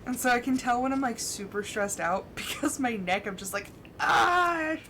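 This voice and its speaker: Game music runs behind a young woman streamer who talks casually while playing, frequently laughing and voicing her thoughts theatrically. She speaks a bit fast at a fairly high pitch, and the rough recording has a slight hiss or hum.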